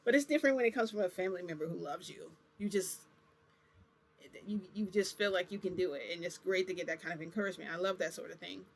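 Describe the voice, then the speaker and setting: A woman's voice: lowish voice, quick pace, gravelly. Chatty woman rambling through a story. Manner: rambling, chatty, many fillers. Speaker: vlogger. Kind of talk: casual confessional storytelling.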